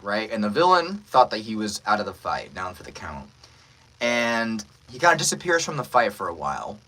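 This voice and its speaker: A man who is a voice actor, chatting casually on a live stream in an animated way and laughing often. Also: mid-range voice, slightly rough, rough recording.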